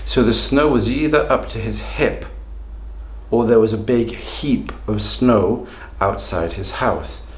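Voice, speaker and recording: Male teacher, lowish voice, deliberate and emphatic, recorded in an echoey room. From Britain. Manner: deliberate, emphatic, tag questions. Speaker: language teacher, channel host. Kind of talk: explanatory video lesson.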